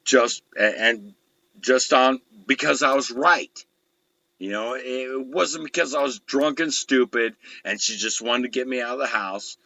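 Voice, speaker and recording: A man's voice: medium pitch, unhurried, sharp tone, no room sound, rough recording. A man hosting a talk show, telling rambling stories in casual chat and swearing constantly. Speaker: show host.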